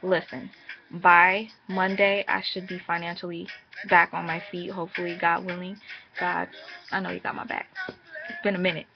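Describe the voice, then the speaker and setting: A young woman telling a story in a casual vlog, chatty and animated, laughing and jumping high when exasperated. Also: normal speed, vocal fry. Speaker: vlogger. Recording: muffled with music playing behind.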